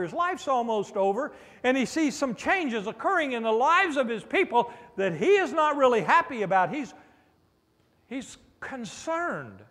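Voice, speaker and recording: A pastor preaches a sermon in a preacherly style, calling out "amen?" for responses and slipping in playful asides. His voice is very high-pitched and a bit bright, carried by the long reverb of a large hall.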